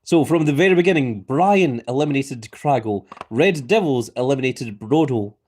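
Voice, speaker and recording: A man's voice: mid-range voice, lively intonation, moderate pace, darkish tone. A man hosting a livestream, calling a giveaway in a playful wrestling-announcer manner and reading chat messages aloud. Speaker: livestream host.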